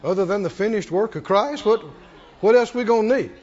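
A man preaching a sermon, telling a story dramatically, acting out the characters and swinging from shouts to near-murmurs. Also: high-pitched, dull audio. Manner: acts out the characters' lines in quick voices.

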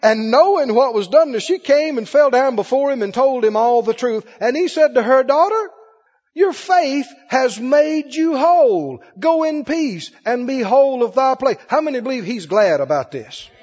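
A man preaching a sermon to a congregation, with call-and-response, dramatic pauses and acted-out quotes. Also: very high-pitched, expressive, a little mellow. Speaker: pastor. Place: church service with a congregation. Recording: lo-fi broadcast with long hall reverb.

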